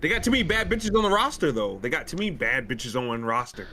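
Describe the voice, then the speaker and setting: A man co-hosting a casual wrestling chat, animated, joking and slangy. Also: on the high side, quick pace, crowd noise. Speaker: podcast co-host. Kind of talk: casual banter.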